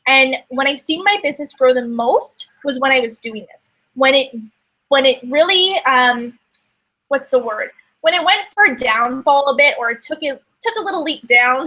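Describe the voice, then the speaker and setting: Bright high-voiced young woman, animated. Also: rough recording. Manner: animated and emphatic, acts out quoted inner voices. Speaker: network marketing coach. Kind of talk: casual motivational talk.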